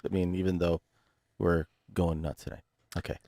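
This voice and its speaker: A man's voice: deep voice, level tone, normal speed, mellow, no echo, studio quality. A man hosting a casual talk show, easygoing, steering the talk to the next topic. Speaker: show host. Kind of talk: casual chat. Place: radio studio.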